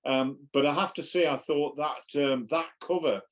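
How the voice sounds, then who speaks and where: A man co-hosting a casual podcast, with a voice pitched a little high. He gives his opinions slowly, with frequent ums and restarts as he thinks aloud. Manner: hesitant, many ums and restarts, thoughtful. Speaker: podcast co-host. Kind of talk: casual chat.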